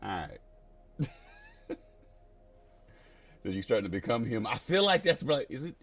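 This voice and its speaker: A man's voice: fairly low pitch, sing-song, a little slow, long pauses. A man hosting a live crypto stream in a casual, playful, slangy way, laughing often.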